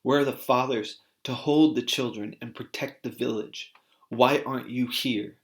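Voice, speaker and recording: A man voicing a furious woman shouting at men. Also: fairly even intonation, normal speed, natural voice. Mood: raging. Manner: shouting, accusing, rising in pitch.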